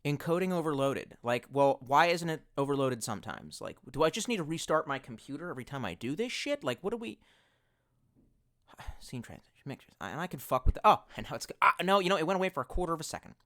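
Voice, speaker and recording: A man's voice: fairly high pitch, big pitch swings, brisk, fairly bright tone. A young man hosting a casual livestream in a rambling, profane, exasperated way, talking into a headset. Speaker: livestream host. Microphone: bluetooth headset.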